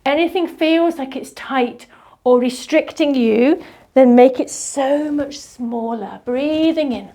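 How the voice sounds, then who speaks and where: A woman leading a qigong movement class, giving soft, slow guiding instructions. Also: sits high.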